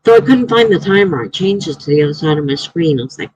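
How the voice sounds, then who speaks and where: A woman's voice: lowish voice, lively intonation, fast, darkish tone, slight background noise, low-quality recording. A woman, a writer, hosting a casual live stream from home, chatting in a rambling way and laughing often.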